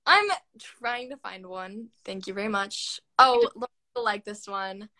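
A woman's voice: mid-range voice, a little slow, pushed and bright. A young woman hosting a phone live stream, chatty and giggly as she reads out comments. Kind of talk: casual chat. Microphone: phone on a live video call.

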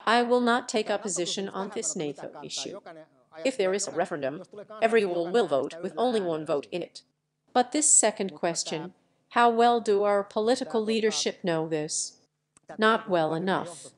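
Woman, mid-pitched voice, reads a translated lecture aloud, steady and measured.

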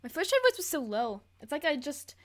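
A woman's voice: sits high, sing-song, fairly quick. A teenage girl hosting her channel, chatting and laughing at herself while reacting to old videos. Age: teens. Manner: giggly, self-mocking, chatty. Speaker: channel host. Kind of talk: casual reaction commentary.

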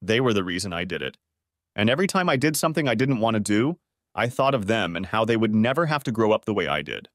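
A man's voice: fairly low pitch, big pitch swings, fast talker, fairly bright tone, no room sound, clean studio sound. A man putting on a pleading, tearful young wife. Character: desperate young mother accused by her husband. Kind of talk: audiobook character voice.

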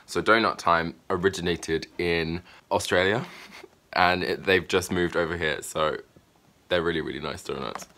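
A man's voice: sits low, steady tone, normal speed. A man, chatting casually and cheerfully through a weekly vlog, with rambling restarts. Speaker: vlogger. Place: out and about in a city, on streets and indoors. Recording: background music playing loudly.

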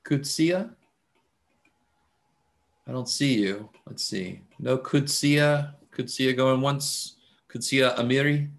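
Casual male math instructor on a video call, mid-pitched, easygoing and filler-heavy. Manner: relaxed, chatty, many fillers. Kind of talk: casual online class talk. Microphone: computer mic on video call.

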